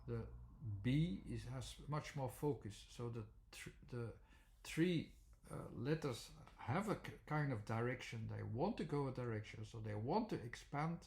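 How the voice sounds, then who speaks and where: A man explaining a method, speaking haltingly with many pauses and restarts. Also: medium pitch, lively intonation, darkish tone. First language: Dutch. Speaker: teacher. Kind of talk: unscripted explanatory talk.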